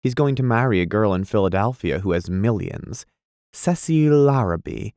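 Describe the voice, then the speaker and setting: A man reading aloud, voicing a gossipy, excitable young woman in a high, breathless voice. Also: normal speed, dry recording, clean studio sound. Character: gushing gossipy young woman, easily moved.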